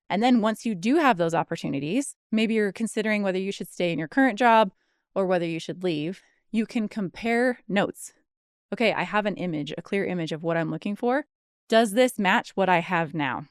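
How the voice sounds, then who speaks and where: A woman career coach hosting her own podcast, talking through advice in an encouraging, excited way and sounding a little out of breath. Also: medium pitch, clean tone, no echo, clean studio sound. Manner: enthusiastic, encouraging, slightly out of breath. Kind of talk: solo podcast advice monologue.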